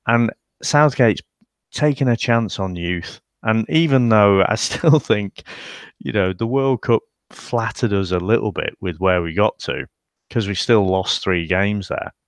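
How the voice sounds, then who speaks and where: A man's voice: lowish voice, unhurried, clean tone, dry recording. A man co-hosting a football podcast, chatting casually and giving strong opinions. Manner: opinionated, animated storytelling. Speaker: podcast co-host.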